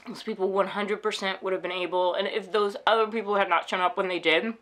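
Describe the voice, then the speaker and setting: A woman vlogging at home, shaken and upset, telling a story in a rushed, animated way and acting out the people in it. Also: medium pitch. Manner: animated, rushed retelling with quoted voices. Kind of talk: casual storytelling vlog. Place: at home indoors.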